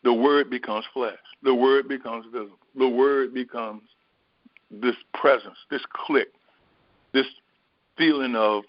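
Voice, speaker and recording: A man giving a slow, reflective spiritual teaching, pausing often and filling gaps with small hesitations. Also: medium pitch, steady tone, no echo, lo-fi sound. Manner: slow, reflective, with many pauses and fillers. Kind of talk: sermon.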